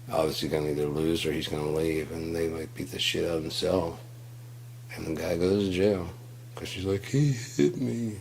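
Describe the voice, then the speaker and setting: A man's voice: extremely low pitch, a little mellow, a little hiss or hum. A man in a casual monologue, telling stories in a rambling, profane way and acting out quotes. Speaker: host.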